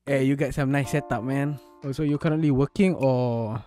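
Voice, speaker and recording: Here is a Malaysian man hosting random video chats, full of jokes and teasing. His voice sits at an average pitch. Faint music plays behind him. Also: fairly even intonation, moderate pace, dark tone. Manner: joking, teasing banter. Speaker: video chat host. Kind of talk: casual chat with strangers on video call.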